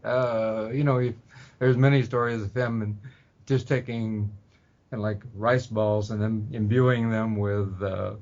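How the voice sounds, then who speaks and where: A man, a spiritual teacher, speaking as a guest in an interview, unhurried and full of ums and uhs. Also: on the low side, steady tone. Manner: unhurried, many ums and uhs, soft laughs. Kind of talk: relaxed interview talk. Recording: dull lo-fi audio.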